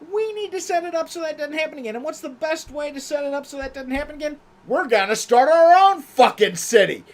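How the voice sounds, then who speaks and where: A man spins history on a livestream in a loose, profane, wisecracking way. His pitch swings widely as he tells the story. A faint hiss sits under his voice. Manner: profane, animated, jokey storytelling with mock quotes. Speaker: livestream host.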